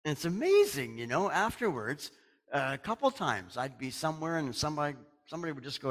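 A middle-aged pastor from Canada talks to his church in a casual, folksy way. His voice is a little high for a man and swings widely in pitch. He chuckles and restarts as he tells stories. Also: expressive, normal speed. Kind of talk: casual sermon announcements and storytelling.

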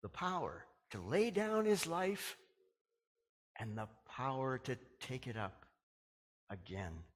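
A man preaching in a church hall, his voice ringing with a long reverb. He delivers the sermon with wide, lively swings in pitch, rising to urgent peaks and sinking to a hush on quoted words. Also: slow, pauses often. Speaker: pastor.

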